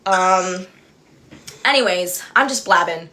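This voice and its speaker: Bright-voiced young woman chatting on a livestream. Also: on the low side, takes it slowly, a little hiss or hum. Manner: chatty, giggly, easily distracted. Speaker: livestream host. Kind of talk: casual rambling livestream chat.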